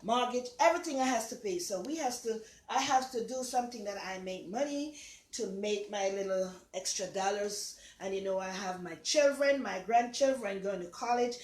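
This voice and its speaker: At normal speed and medium pitch, an older woman with a Jamaican accent chats in a rambling, loving way while hosting her home cooking vlog. Her voice is a little mellow, and the kitchen gives the sound an echo.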